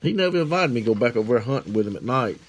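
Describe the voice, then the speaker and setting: A man's voice: mid-range voice, expressive, very fast, a little hiss or hum. A man with a Southern accent telling a rambling, folksy story in a drawling, colloquial way.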